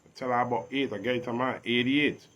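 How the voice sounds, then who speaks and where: A man from Saint Thomas with a Virgin Islands accent, talking as an interview guest in a preachy, emphatic way that often rises loud. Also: medium pitch, fairly even intonation, fairly quick. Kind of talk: casual reasoning talk.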